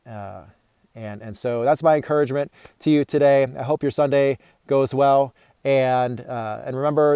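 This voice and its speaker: A man with a mellow, smooth voice gives an informal sermon to parents. He talks in a relaxed, conversational way, often restarting his phrases. The sound is dry and close. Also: mid-range voice, no room sound. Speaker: church family ministry leader.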